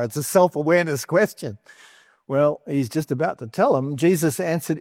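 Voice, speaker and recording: A man's voice: on the high side, expressive, moderate pace, darkish tone, no echo, clean studio sound. A man, giving a conversational Bible teaching as a preacher, with casual, playful asides.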